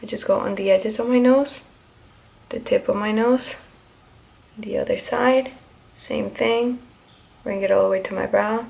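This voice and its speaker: Young woman, beauty vlogger, casual makeup tutorial, chatty, mid-pitched voice. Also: fairly even intonation, measured pace, creaky, long pauses, a little mellow. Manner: chatty, filler-heavy, explaining each step as she goes.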